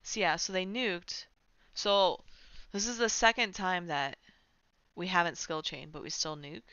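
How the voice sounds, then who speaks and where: A woman's voice: fairly low pitch, unhurried, bright, forceful tone, clear, resonant tone, no echo. A young woman streamer in casual chat, rambling with lots of fillers, on a dull lo-fi home mic. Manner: chatty, rambling, full of "like" fillers. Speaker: game streamer.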